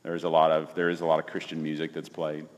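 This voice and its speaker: A man in his forties, a pastor, telling a personal story in casual conversation, animated and emphatic, often restarting his sentences. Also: a bass voice, quick pace, in a large hall, dull audio.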